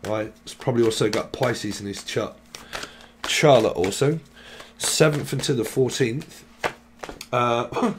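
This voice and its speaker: A man with a mid-range voice gives a rambling, channeled tarot reading, speaking a little slowly with frequent pauses over faint hiss or hum. He free-associates from name to name and word to word, tossing in jokes along the way.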